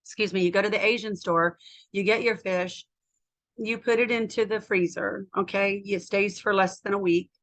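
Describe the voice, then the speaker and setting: A woman's voice: medium pitch, fairly even intonation, normal speed, fairly bright tone. An American woman in her fifties vlogs about her own life. She talks in a candid, rambling way with plenty of feeling. Her voice is that of a health coach chatting with viewers. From United States. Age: 50s. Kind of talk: casual personal vlog.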